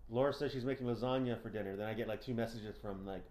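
A man's voice: fairly low pitch, fast. A young man co-hosting a casual podcast, swearing freely and acting out other people's lines as he rants. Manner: swears a lot, rants with animated quoting. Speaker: podcast co-host. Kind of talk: casual profane chat. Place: house. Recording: roomy house recording.

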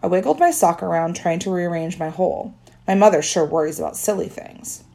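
A woman's voice: fairly low pitch, lively intonation, a little fast, creaky, mellow. A woman narrating a children's story in first person with a wry tone. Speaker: audiobook narrator.

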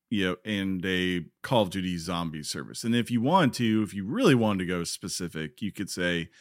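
A man's voice: low voice, dry recording, studio quality. A man co-hosting a casual gaming podcast, joking and reading news items aloud. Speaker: podcast co-host.

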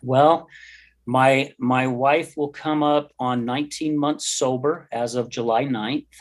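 A man of middle pitch tells his own story in an interview, earnest and rambling. He acts out the back-and-forth of old conversations as he goes. His pitch sits in an average range for a man. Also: steady tone, slow pace. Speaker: podcast host and guest.

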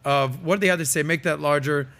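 A man's voice: a little high, a little fast, a bit bright. A man hosting a podcast, giving casual, emphatic commentary that is full of fillers. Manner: emphatic, quoting and reading aloud, many fillers. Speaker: podcast host.

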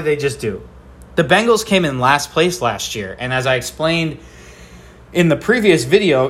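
A man's voice: medium pitch, fairly bright tone, breathy edge. A young man with a nasal voice, hosting a sports rant podcast, talking in a blunt, profane, exasperated way. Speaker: podcast host.

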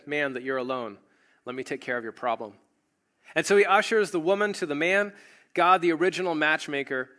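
A man's voice: fairly high pitch, sharp tone. A man preaching a sermon, retelling a story and acting out the quoted voices. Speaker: pastor.

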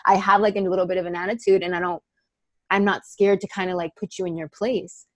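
A young woman from Miami, an actress, telling personal stories in a candid interview, animated and full of fillers. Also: medium pitch, fairly quick, no room sound. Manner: animated storytelling, many fillers, acts out quoted voices. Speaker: actress guest.

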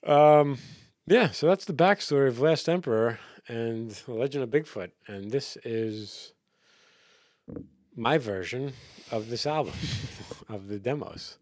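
A man co-hosting a casual music chat, talking in rambling, halting runs with many fillers and restarts. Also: medium pitch, a little mellow, no room sound, clean studio sound. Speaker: podcast co-host.

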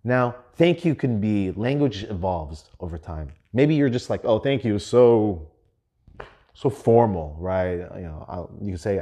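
A man's voice: fairly low pitch, big pitch swings, normal speed, hardly any pauses, warm tone, breathy edge. A young adult man hosting a podcast, telling a profane story in a loose, laughing way. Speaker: podcast host. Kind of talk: casual storytelling monologue.

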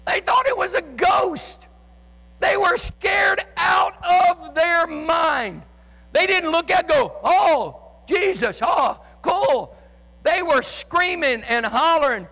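A man preaching with fervor in a very high, piercing voice, often rising to a shout and tripping over repeated words as he pushes on. His sermon carries a long reverb, as if it fills a large church sanctuary. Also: slow pace. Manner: impassioned preaching, often shouting, with stammered restarts. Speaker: pastor. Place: church sanctuary with live and online congregation.

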